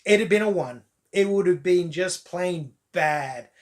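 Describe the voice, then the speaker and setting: A man with a fairly high voice talks casually into the camera as a movie reviewer. He piles on exaggerated, wry put-downs and laughs at his own jabs. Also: a little slow.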